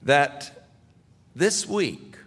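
A male pastor preaching a sermon in a slow, emphatic style that swells loudly on scripture. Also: a little high, very animated, breathy edge, long reverb tail.

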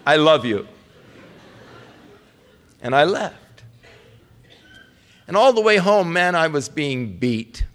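A man preaching a sermon through a personal story, moving between hushed, low passages and raised, heartfelt ones. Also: very animated, takes it slowly, pauses often.

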